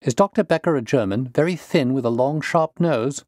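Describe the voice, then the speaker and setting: A man's voice: on the low side, moderate pace, a little mellow, breathy edge, no echo, studio quality. A man reading the part of a shaken, earnest young engineer in a storybook tale.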